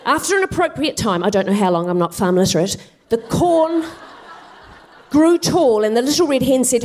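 A woman's voice: fairly high pitch, expressive, moderate pace, a little mellow. A woman comedian telling a comic story on stage with wry, self-deprecating asides. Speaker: co-host, stand-up comedian. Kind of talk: comic storytelling to live audience. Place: theatre stage, live audience.

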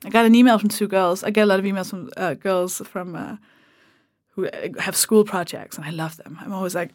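A woman talking as a guest on a podcast, animated and swearing freely as she acts out remarks people made. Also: mid-range voice, a little fast, no room sound, clean studio sound. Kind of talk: casual podcast conversation.

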